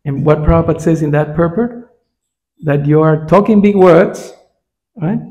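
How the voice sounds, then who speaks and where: A man's voice: fairly high pitch, moderate pace, mellow, dull audio. A man teaching a scripture class in a temple, in a conversational way that keeps checking in with his listeners. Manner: frequent "right?" check-ins with listeners.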